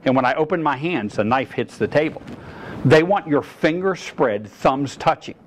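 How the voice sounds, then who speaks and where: A man's voice: on the high side, expressive, moderate pace, a little hiss or hum, rough recording. A middle-aged man, a firearms instructor, giving a seminar lecture and telling stories from his own experience. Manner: storyteller, acts out both sides of dialogue. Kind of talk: seminar lecture with personal anecdotes.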